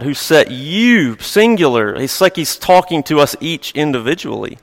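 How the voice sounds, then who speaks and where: A man's voice: a little high, big pitch swings, normal speed, vocal fry, few pauses. A male pastor giving a sermon in a conversational, storytelling way with light chuckles, recorded in a church sanctuary. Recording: long reverb of a large hall.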